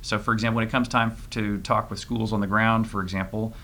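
A low-pitched man with a bright, forceful tone, answering questions in an interview. He is middle-aged and speaks haltingly, filling gaps with "uh" and "you know" and restarting his sentences. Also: little pitch movement. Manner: halting, many fillers and restarts. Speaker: interview guest, private spaceflight trainee.

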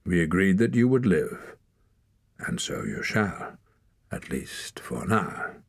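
A man voicing a calm, firm male clan leader in a storybook. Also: low-pitched, takes it slowly, slightly rough, no room sound, clean studio sound, heavily acted. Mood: stern.

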